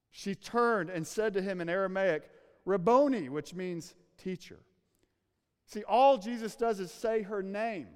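A man preaching a sermon to a congregation in a church room, earnest, slowing down and dropping to a hush for emphasis. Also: fairly high pitch. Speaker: pastor. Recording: long reverb of a large hall.

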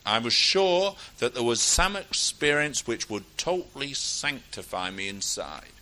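A man delivers a sermon in a bright, ringing voice. His pitch rises and falls widely as he exhorts his listeners, moving between loud declarations and quiet asides. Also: very animated, rough recording. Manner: reads scripture aloud in a ringing, measured cadence. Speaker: preacher.

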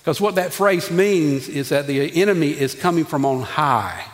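A man preaching a sermon in a church, folksy and animated, talking to the congregation. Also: fairly high pitch, moderate pace. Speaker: pastor. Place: church sanctuary. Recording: long reverb of a church hall.

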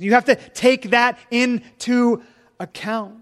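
A man preaching a sermon as pastor, swinging from loud emphatic lines to hushed quiet ones. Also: high-pitched, moderate pace, long reverb tail.

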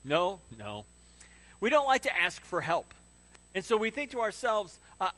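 A man's voice: high voice, very animated, measured pace, bright, forceful tone. A man preaching a sermon as pastor in a church. He talks conversationally, throws questions and jokes to the congregation, and mimics stubborn people with rising emphasis. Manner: conversational preaching with audience asides. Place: church sanctuary.

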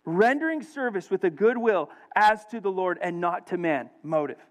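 Middle-aged male pastor, fairly high voice, dramatic preaching with loud peaks and quiet stretches. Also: animated, moderate pace. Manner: preaching with dramatic swings between loud emphasis and hushed storytelling. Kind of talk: sermon.

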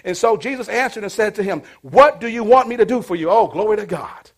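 A man preaching a sermon as pastor, calling out to the congregation and swinging between hushed, near-whispered lines and loud exclamations. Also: sits high, lively intonation, a little fast. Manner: preaching with call-outs to the congregation.

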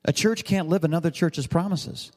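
A middle-aged man preaching to a congregation, his fairly high voice carrying a long reverb around a big church hall. He talks loosely and jokily, drifting into asides and teasing the room between his points. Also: normal speed, warm tone. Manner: conversational, joking, rambling preaching with asides to the congregation. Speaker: pastor. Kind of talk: sermon.

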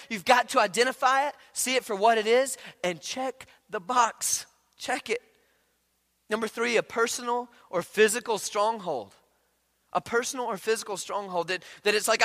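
High, bright-voiced preacher in a big reverberant hall. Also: male voice, fairly quick. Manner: animated, conversational preaching with quoted asides. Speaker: pastor. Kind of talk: sermon. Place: church sanctuary.

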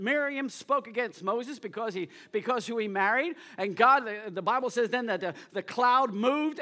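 A man preaching to his congregation with a notably high voice. His tone is bright and forceful, and he keeps calling on the listeners to answer back. He moves from loud, pressing emphasis to quieter asides. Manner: energetic, exhorts the congregation to respond. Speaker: pastor. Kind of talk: sermon. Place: church service before a congregation.

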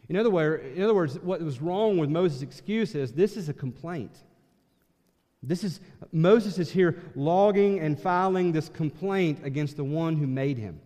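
A man preaching a sermon as pastor, emphatic, swinging from loud passages to hushed ones. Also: a little high, measured pace, big-room sound.

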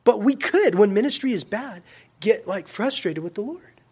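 Lively, casual male preacher. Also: high-pitched, normal speed, husky. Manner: casual and animated, swings between loud emphasis and quiet asides. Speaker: youth pastor. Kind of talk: sermon.

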